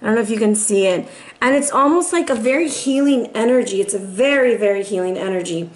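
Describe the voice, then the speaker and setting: A woman's voice: on the high side, quick pace. A woman giving a monthly tarot reading to camera, chatty and emphatic, often checking in with her listeners. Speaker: tarot reader.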